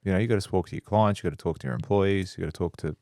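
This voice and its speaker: Low-voiced man telling stories. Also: rapid-fire, vocal fry, darkish tone, no room sound, studio quality. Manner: storytelling, quotes people in dialogue. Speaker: podcast co-host. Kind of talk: casual chat.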